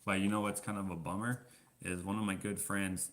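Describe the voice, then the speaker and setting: A man rambling through a casual live-stream chat with viewers, self-deprecating and quick to laugh. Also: sits low, little pitch movement, a bit bright, slight background noise. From Canada. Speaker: vlogger answering live chat.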